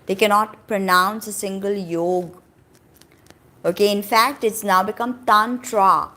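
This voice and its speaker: Woman, spiritual teacher, casual emphatic delivery with drawn-out words. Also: medium pitch, fairly even intonation, bright, forceful tone. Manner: emphatic, conversational, stretches key words for stress.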